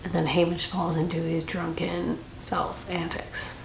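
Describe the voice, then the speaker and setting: A woman's voice: lowish voice, completely flat delivery, a little slow, gravelly. A young woman giving a casual, chatty book review with dramatic reactions and rambling asides. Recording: echoey room with faint noise.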